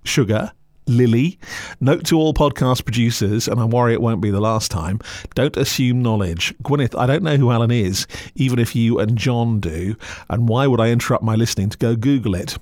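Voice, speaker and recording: A man's voice: mid-range voice, normal speed, a little mellow, no echo, studio quality. A man hosting a podcast, narrating scripted reviews in a sardonic, mocking way. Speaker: podcast critic host.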